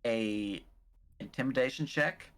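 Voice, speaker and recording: Male game master narrating calmly. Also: medium pitch. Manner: unhurried descriptive narration with fillers.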